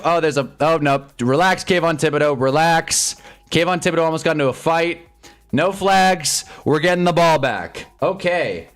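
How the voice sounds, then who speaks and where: A man streaming live sports commentary who swings between loud yelps and low mutters and chats with his viewers' comments. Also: lively intonation, moderate pace, faint music behind. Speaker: streamer hosting a live game watch-along.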